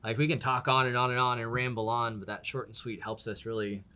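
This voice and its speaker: Relaxed host voice, casual and agreeable, middle pitch. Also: fast, clear, resonant tone. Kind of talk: casual chat.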